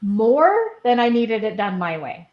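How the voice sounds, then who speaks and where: A woman's voice: medium pitch, animated, measured pace, a little hiss or hum. Laughing mother in a roomy, muffled recording. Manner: chatty, laughs often while telling stories. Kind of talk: casual chat.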